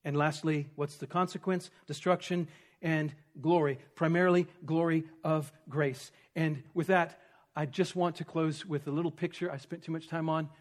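A man preaching an expository sermon, teaching with rhetorical questions and swinging from emphatic stress to hushed, near-whispered points. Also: on the high side, fairly even intonation, normal speed. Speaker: pastor.

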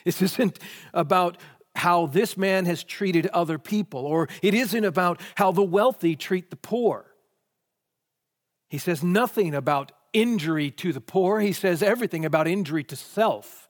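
A man's voice: high voice, measured pace, in a large hall. A man preaching a sermon, posing question after question before answering them emphatically.

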